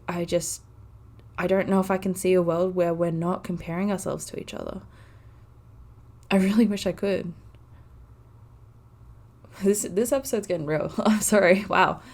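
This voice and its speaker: A woman in her twenties hosting a casual solo podcast, talking earnestly and from the heart with frequent "like" fillers. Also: fairly low pitch. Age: 20s. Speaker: podcast host.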